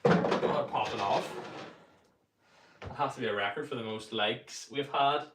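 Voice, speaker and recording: Northern Irish man, quick chat reading. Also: mid-range voice, fairly bright tone. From Northern Ireland. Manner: speaking quickly to keep up with the chat. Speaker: livestream host. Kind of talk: live-stream chat reading during putting practice. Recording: roomy sound from a distant mic with faint noise.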